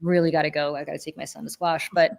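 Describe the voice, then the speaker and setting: A woman in her forties co-hosting a podcast, telling a story in a lively, casual way with many fillers and self-corrections. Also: low voice, fast talker, gravelly. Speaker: podcast co-host.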